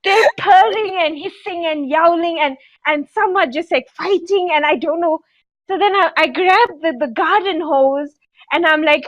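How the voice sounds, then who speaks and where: A woman on a podcast telling a rambling story in casual chat, animated and giggly with lots of fillers. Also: extremely high pitch, moderate pace, dry recording, rough recording. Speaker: podcast co-host.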